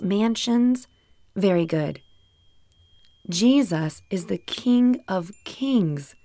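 Slow, gentle woman reading a children's Bible story. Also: mid-range voice, expressive, dry recording. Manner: gentle, slow, asks listeners to answer aloud. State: recovering from lost voice.

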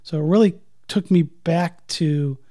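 Mellow-voiced man discussing films. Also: a little high, unhurried. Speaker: podcast co-host. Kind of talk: casual film discussion chat.

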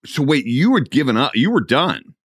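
A man's voice: mid-range voice, sing-song, moderate pace, breathy edge. A man hosting a casual interview, chiming in with short reactions and clarifying questions. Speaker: podcast host.

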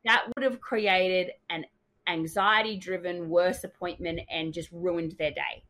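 A young adult woman co-hosting a casual podcast, telling a story with lively quoted dialogue. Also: fairly low pitch, measured pace, poor audio. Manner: animated storytelling, acts out quotes. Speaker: dental hygienist podcast co-host. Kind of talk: casual chat.

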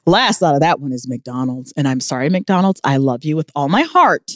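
A woman co-hosting a podcast in casual chat, animated and jokey, sometimes dropping into mutters and whispers. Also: sits low, normal speed, no echo, clean studio sound. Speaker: podcast co-host. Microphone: studio microphone.

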